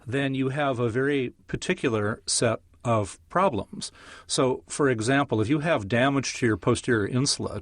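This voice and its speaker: A man explains science to interviewers in a measured, lecture-like way, leaning on vivid examples. His voice sits at an ordinary pitch. The sound is dry and close, with no room around it. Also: dry recording. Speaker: neuroscientist guest.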